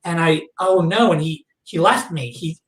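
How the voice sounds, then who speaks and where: A man guest on a podcast, recounting a personal memory in a halting way, full of fillers and restarts. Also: a little high. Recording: echoey room, voice far from the mic.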